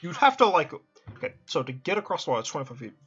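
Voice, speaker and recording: A man's voice: on the high side, big pitch swings, very fast, fairly bright tone, muffled recording, soft background music. A man narrating as game master in a tabletop game, talking casually, swearing freely and restarting often.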